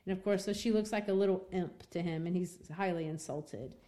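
A woman's voice: fairly low pitch, brisk, warm tone. A woman teacher walks her class through a story. She talks in a loose, chatty way, full of fillers and asides. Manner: casual, chatty retelling with many fillers. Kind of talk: classroom literature lesson.

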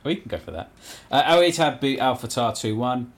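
A man on a casual football podcast, reading out results as a halting list and stumbling over team names. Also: mid-range voice, animated, slight background noise. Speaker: podcast co-host.

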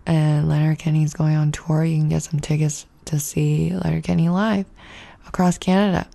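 A woman's voice: low voice, flat delivery, moderate pace, gravelly, warm tone. A woman hosting a podcast, chatting casually and laughing often. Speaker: podcast host. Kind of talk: casual chat.

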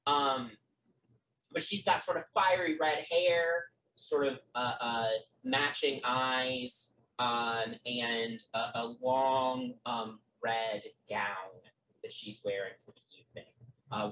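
A game master narrating a tabletop game in a halting way, with many fillers and restarts. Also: mid-range voice, fairly even intonation, a bit bright, a little hiss or hum. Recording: roomy, from a distant mic.

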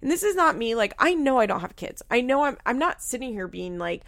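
A woman's voice: a little high, big pitch swings, brisk, vocal fry, fairly bright tone. A young woman giving frank, casual commentary on a reality show, swearing freely and filling her talk with "like". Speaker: reality TV recap host.

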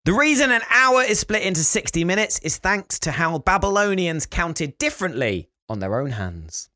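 A man's voice: high voice, sing-song, normal speed, bright, forceful tone, no room sound. A man co-hosting a podcast, explaining facts and telling stories in casual chat. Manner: explaining, storytelling. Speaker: podcast co-host.

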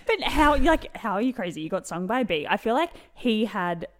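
Lively woman chiming in. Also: mid-range voice, a little fast. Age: 30s. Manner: reactive, chiming in and finishing her friend's sentences. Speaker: podcast co-host. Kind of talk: casual chat.

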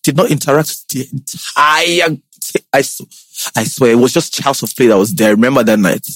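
A man's voice: medium pitch, normal speed, no echo. A man hosting a casual chat, telling personal stories candidly. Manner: candid, expressive storytelling. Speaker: podcast host.

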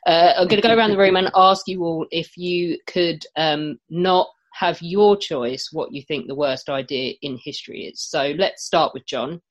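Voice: medium pitch, normal speed, few pauses, lo-fi sound. Laughing podcast host. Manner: laughs often, wry asides. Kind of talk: casual panel chat.

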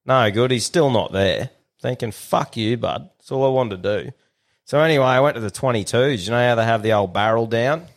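Swearing Australian bloke telling yarns. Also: male voice, mid-range voice, fairly quick. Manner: swears a lot, rambling anecdotes. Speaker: podcast co-host. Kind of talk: casual chat, storytelling.

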